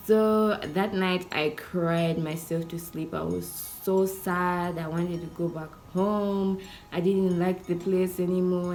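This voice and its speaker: Lively young Zambian woman telling stories. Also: lowish voice. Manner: animated, acts out quoted people, chatty fillers. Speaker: YouTuber. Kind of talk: casual storytime.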